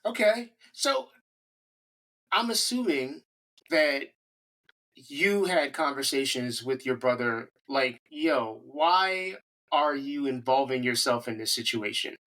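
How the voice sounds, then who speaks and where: Bright-voiced podcast host asking questions. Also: male voice, mid-range voice, takes it slowly, poor audio. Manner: probing, reactive questioner. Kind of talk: casual interview.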